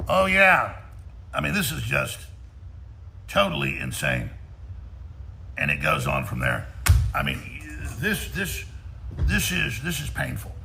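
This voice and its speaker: Gravelly, bright-voiced ranting man. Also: on the high side, a little hiss or hum. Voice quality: gravelly, mocking. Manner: mocks in put-on voices, repeats himself. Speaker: radio show host. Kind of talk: ranting talk-show commentary.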